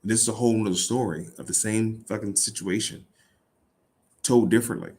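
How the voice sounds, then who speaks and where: A man's voice: lowish voice, fairly quick, a little mellow. A man reading a Bible passage aloud and riffing on it in casual, irreverent talk, swearing and laughing. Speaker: host.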